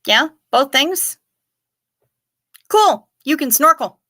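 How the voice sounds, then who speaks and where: A woman hosts a livestream, answering chat questions in loose, unhurried talk. Her voice is bright and clear, and she keeps a profane, wry streak going as she explains things. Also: medium pitch, expressive. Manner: profane, sarcastic, chatty. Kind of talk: casual chat.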